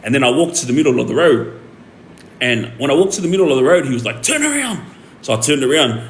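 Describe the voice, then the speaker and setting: An older man telling a story casually on a livestream, acting out the shouting of the people in it with lively jumps in his voice. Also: mid-range voice, fast talker. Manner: animated retelling, acts out the police shouting. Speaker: streamer. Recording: echoey room with faint ambient noise.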